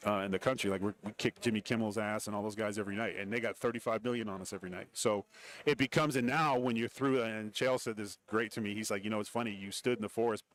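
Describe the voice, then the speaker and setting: Middle-aged male guest, low-pitched and quick, lively anecdotes with impressions. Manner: animated storyteller, acts out quoted voices. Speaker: guest, former wrestler and TV commentator. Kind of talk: casual interview storytelling. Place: radio row broadcast booth.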